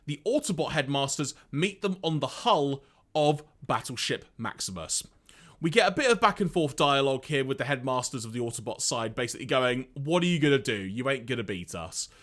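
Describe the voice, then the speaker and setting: A man co-hosting a podcast, recapping an episode in a casual, animated way and reading out lines. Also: mid-range voice, fairly quick. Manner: animated storyteller, reads out lines, laughs often. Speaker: podcast co-host.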